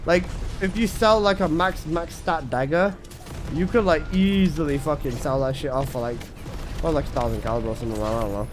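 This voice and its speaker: A man's voice: a little high, brisk, background noise. A young man chatting casually on a game stream, joking crudely and laughing at his own lines. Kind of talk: casual live-stream chat.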